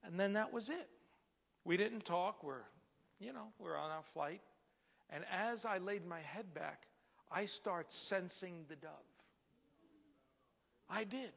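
A man preaching a sermon as a story, lively and animated, sometimes dropping to a hushed whisper. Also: high voice, takes it slowly, gravelly, pauses often, long reverb tail.

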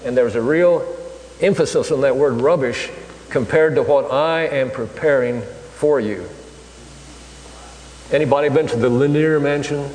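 A man's voice: mid-range voice, darkish tone. Folksy man preaching in an echoey hall. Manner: folksy, halting, with many fillers. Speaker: lay preacher. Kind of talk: sermon. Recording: echoey hall with faint hum.

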